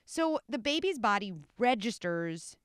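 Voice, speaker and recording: A woman who is an expert guest on a podcast, giving careful, measured explanations. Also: a little high, very animated, clear, resonant tone, no room sound, studio quality. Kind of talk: conversational interview.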